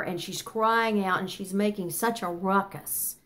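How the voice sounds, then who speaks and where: A woman's voice: mid-range voice, fairly even intonation, unhurried, few pauses, a bit bright. An older woman teaching a Bible study in an earnest, emphatic voice. She pushes her points hard, stops now and then on ums, and corrects herself as she goes. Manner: earnest, emphatic, with frequent fillers and self-corrections.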